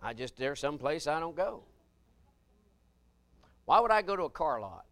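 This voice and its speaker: A preacher man delivering a folksy, joking sermon, his voice high-pitched and bright. He swings from loud, emphatic bursts down to quiet asides, and the tone stays smooth and clear throughout. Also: sing-song, normal speed, no echo.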